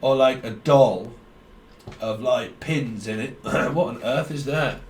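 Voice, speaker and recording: A man's voice: mid-range voice, slow, slight background noise. Rambling man reading tarot in an echoey room. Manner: stream-of-consciousness, blunt, swears freely. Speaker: tarot reader. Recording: echoey room, distant mic.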